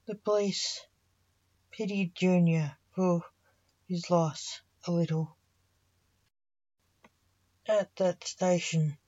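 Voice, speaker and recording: Woman reading a story real slow, lowish voice, kinda muffled recording. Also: fairly even intonation, dark tone.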